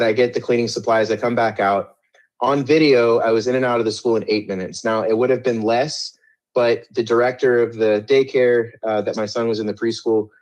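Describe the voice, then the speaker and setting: Middle-aged guy telling his story, low-pitched, rambly and defensive, lots of restarts. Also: darkish tone. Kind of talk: conversational interview storytelling.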